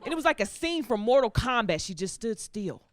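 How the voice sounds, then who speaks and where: A young woman doing a stand-up comedy set, telling stories in an animated, laughing way and slipping into voices, on a stage with a live audience. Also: a little high, brisk. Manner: animated, laughing storytelling that slips into character voices.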